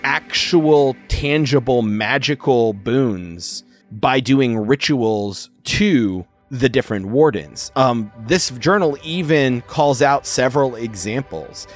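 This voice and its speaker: Male game master, unhurried narration, light music behind. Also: mid-range voice. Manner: relaxed, slow narration with fillers.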